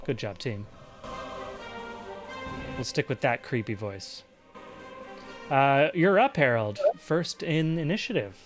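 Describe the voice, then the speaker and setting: Unhurried man narrating as game master. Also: medium pitch, expressive, over music. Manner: descriptive, unhurried, with frequent ums and uhs.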